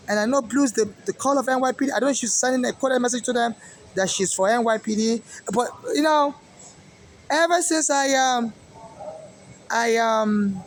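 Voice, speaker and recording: An activist vlogger from Nigeria talks to the camera in an agitated, rambling monologue full of fillers and restarts. His Nigerian-accented voice is very high-pitched, with a slight hiss or hum in the recording.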